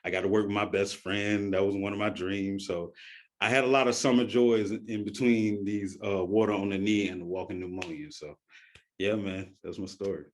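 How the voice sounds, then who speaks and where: A man's voice: fairly low pitch, fairly even intonation, moderate pace. A man telling a personal story in a casual way, often laughing and acting out quoted voices.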